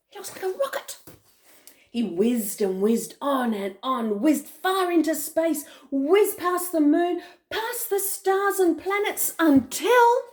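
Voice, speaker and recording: An older woman, a grandmother, reading a picture book aloud to a child in a playful, animated way. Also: high voice. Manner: animated, playful, with gasps and chuckles.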